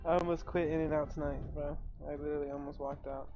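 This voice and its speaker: A young fast-food worker on a live stream tells a heated story about fighting with his manager, swearing constantly and acting out both sides. His voice is on the high side with little pitch movement, ranting rapidly. The sound is lo-fi with music in the background.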